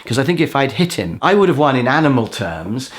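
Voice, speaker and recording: A man teaching a course, telling a personal story in a self-mocking, animated way and acting out what people said. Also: mid-range voice, brisk. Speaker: course instructor. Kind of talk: storytelling lesson.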